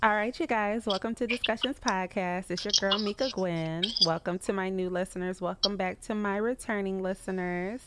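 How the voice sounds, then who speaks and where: A woman hosts a casual podcast, holding her voice low and sultry as she leads the talk. A thick bed of hiss and interference runs under everything she says. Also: moderate pace, few pauses. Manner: softened, lowered sultry voice held on purpose. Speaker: podcast host. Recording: heavy background noise and interference.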